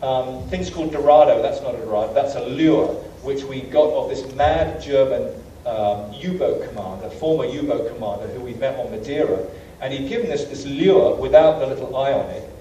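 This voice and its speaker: A man's voice: mid-range voice, normal speed, hardly any pauses, mellow, highs cut off. British man lecturing in an echoey hall. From Britain. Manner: anecdotal, self-deprecating, many fillers. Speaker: guest lecturer. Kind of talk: humorous travel lecture. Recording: echoey hall from far off, faint hiss.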